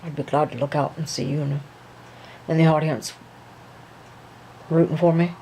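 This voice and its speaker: A woman voicing a gentle young male dancer who speaks slowly and soothingly, hesitating with many ums. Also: low voice, level tone, creaky, a little hiss or hum, low-quality recording. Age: young adult.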